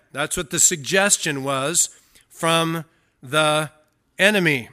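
A male pastor delivers an expository sermon with an emphatic, searching delivery. He often asks his listeners direct questions. His voice is fairly high and very bright, with a sharp, forward edge. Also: slow.

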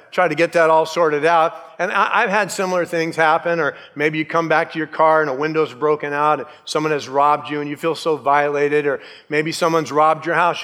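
Guy pastor preaching, kinda high voice, cracks jokes and acts out little quotes, echoey hall. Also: a bit bright. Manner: conversational, joking asides, acted-out quotes. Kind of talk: sermon.

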